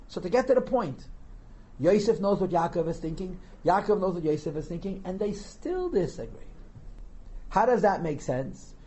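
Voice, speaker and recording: A man's voice: high voice, dark tone, poor audio. A man teaching a text class as a rabbi, translating line by line and asking rhetorical questions. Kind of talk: lecture on Torah text, reading and translating.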